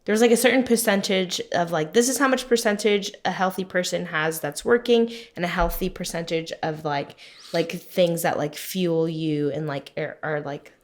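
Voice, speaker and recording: A woman's voice: on the low side, normal speed. A woman in her thirties co-hosting a podcast, telling a personal story in casual chat full of fillers. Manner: chatty storytelling, many fillers, laughs often. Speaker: podcast co-host.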